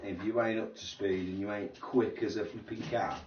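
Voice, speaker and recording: A man's voice: lowish voice, normal speed, distant mic, slight background noise. A middle-aged man, chatting casually and rambling in slang and swearing while streaming a racing game. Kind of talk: casual chat while gaming. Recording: roomy, dull home mic.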